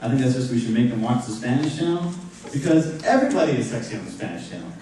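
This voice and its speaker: A man's voice: medium pitch, animated, quick pace, dark tone. A young man doing stand-up, building his bits with escalating lists. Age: young adult. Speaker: student stand-up comic. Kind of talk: stand-up comedy. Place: large university hall, live audience. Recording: echoey hall, distant mic, audience noise.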